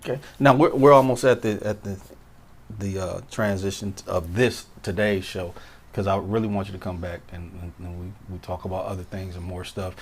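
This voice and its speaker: A man hosting a podcast who asks thoughtful questions in a casual way, with halting restarts. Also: deep voice, fairly even intonation. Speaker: podcast host. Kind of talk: casual interview.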